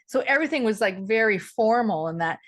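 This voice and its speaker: Animated middle-aged woman host. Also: fairly high pitch, brisk. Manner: lively, animated storytelling with laughter. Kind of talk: storytelling in an interview.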